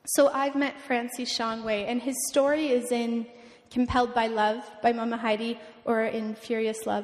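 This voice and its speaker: A woman in her twenties shares a missionary testimony with a church audience, telling it with energy and acting out each person in the story. Her voice sits a little high and carries a long reverb through a large hall. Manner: animated storytelling, acts out the people she quotes. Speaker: missionary speaker.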